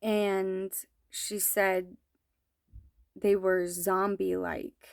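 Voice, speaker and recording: A mother slowly and earnestly recounting a troubling dream, with hesitant pauses. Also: medium pitch, flat delivery, vocal fry, no echo, clean studio sound. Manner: slow, earnest, hesitant storytelling. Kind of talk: personal testimony.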